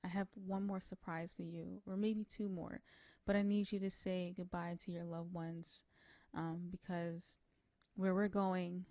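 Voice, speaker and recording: A woman voicing a devoted young man from a life-sim game, speaking softly and quietly. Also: on the low side, level tone, a little slow, dry recording. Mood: tender.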